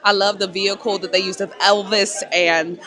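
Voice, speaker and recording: Animated slangy woman vlogging. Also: mid-range voice, moderate pace. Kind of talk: casual vlog talk to camera.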